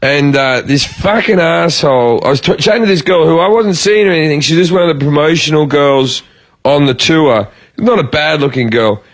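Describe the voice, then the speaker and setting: Speaking at a moderate pace in a fairly high voice, an Australian comedian recounts a profane story during a casual podcast conversation. He animatedly performs the quoted lines of the story's characters.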